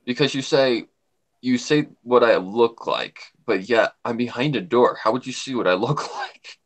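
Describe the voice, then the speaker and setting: A man talking casually on a livestream, rambling and animated, often repeating himself. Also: mid-range voice, moderate pace. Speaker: livestream co-host.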